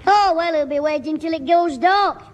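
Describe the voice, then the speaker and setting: A shrill cheeky schoolboy. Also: male voice, moderate pace, big-room sound. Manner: wisecracking, cheeky. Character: cheeky cash-strapped schoolboy. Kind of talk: 1960s radio sitcom acting.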